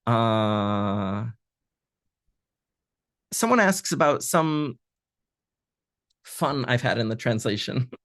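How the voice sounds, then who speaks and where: Man translator leading an online reading session, mid-pitched, unhurried, full of fillers, dry video-call sound. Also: expressive, a bit bright, no room sound. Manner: thoughtful, hesitant, many fillers.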